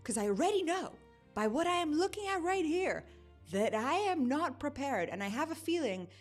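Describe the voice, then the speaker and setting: Female reaction host, animated and exasperated, faint music behind. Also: high-pitched, moderate pace. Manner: exasperated, emphatic. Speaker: livestream host. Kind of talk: casual reaction commentary.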